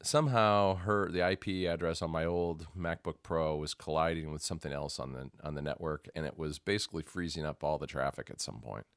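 A man's voice: a bass voice, a little fast, few pauses, fairly bright tone, no echo, clean studio sound. A man co-hosting a podcast, chatting casually and rambling, often restarting his sentences. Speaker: podcast co-host. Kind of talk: casual chat.

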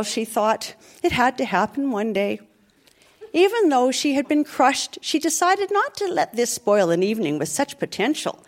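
Woman host, live comic read-aloud on stage, high and animated, mock-solemn delivery. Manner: theatrical, mock-solemn storytelling. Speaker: podcast host reading aloud. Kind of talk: live comic dramatic reading. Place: theatre stage, live show.

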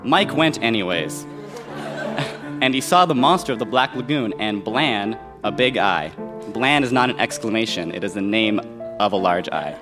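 Deadpan young man reading a story on stage. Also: fairly low pitch, unhurried, over music. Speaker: guest reader. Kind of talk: comic reading of childhood writing on stage. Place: live stage with an audience.

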